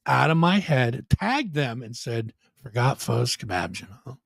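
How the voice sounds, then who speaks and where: A man's voice: medium pitch, big pitch swings, measured pace, gravelly, no room sound, clean studio sound. Swearing male live-stream host. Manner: joking, profane, theatrically mock-apologetic. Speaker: podcast host.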